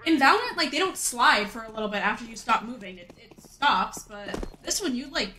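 A woman's voice: on the high side, expressive, brisk, bright, forceful tone, slight background noise. A young woman streaming a shooter game, chatting casually with a valley-girl way of talking full of "like". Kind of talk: casual gaming stream chat.

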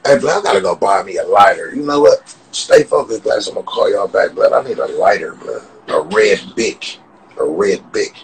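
A man ranting casually on his vlog, repeating the same slang and laughing as his voice jumps up when he gets animated. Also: on the low side, normal speed, breathy edge, poor audio. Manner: repetitive, profane, keeps saying "blood". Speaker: vlogger.

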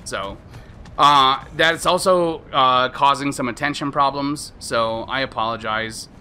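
A man in his thirties streaming a video game, talking candidly and rambling, trailing off, then bursting into high excited reactions at the game. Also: measured pace, clean tone. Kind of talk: casual let's-play commentary.

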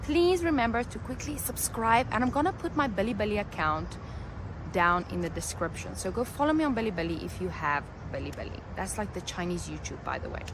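A woman's voice: mid-range voice, very animated, fairly quick, noisy background. A woman from Africa, hosting a vlog in a chatty, joking way and reading facts aloud. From South Africa. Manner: chatty, joking, self-correcting. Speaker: vlogger. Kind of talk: casual vlog chat and read-out narration. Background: loud background music.

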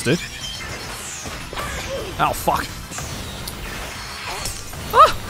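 Animated, excitable male game streamer. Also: a little high. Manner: excitable, swearing, laughing, slangy. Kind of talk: live gameplay commentary.

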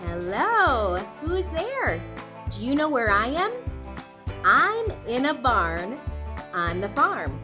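A woman teaching a class of little ones on television, her voice high and bouncing all over. She talks slowly and playfully, making animal sounds as she goes. Light children's music plays beneath her. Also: big pitch swings. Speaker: pre-K teacher. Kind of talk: televised lesson for young children. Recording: children's music playing underneath.

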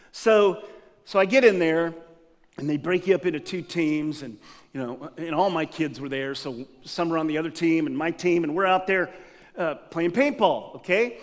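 Man, pastor, sermon, high voice, lively storyteller, long church-hall reverb. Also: moderate pace. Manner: lively storyteller who acts out scenes with laughter. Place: church sanctuary.

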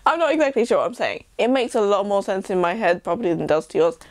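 Young English woman, chatty vlogger who rambles; animated intonation, dry close recording. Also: mid-range voice, quick pace, no echo. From England. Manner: chatty, rambling, self-deprecating. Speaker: YouTuber. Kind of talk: rambling casual vlog chat.

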